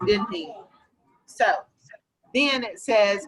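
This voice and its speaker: A woman teaching young children in a classroom, patiently asking questions and slowly explaining vocabulary. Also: medium pitch, fairly bright tone, breathy edge, poor audio. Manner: patient, questioning, slow and encouraging. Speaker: elementary school teacher. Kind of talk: classroom lesson.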